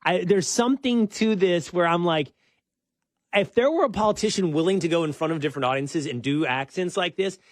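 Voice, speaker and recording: Male talk show host, slightly higher voice, argues his point conversationally, dry close studio sound. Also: brisk, no echo. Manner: conversational, argumentative, animated when making a point. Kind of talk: opinion talk show discussion.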